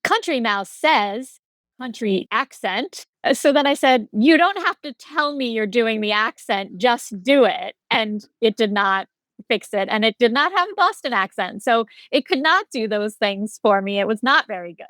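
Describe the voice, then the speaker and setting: Higher-voiced female podcast co-host. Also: moderate pace, no echo. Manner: relaxed, explanatory. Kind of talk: casual chat.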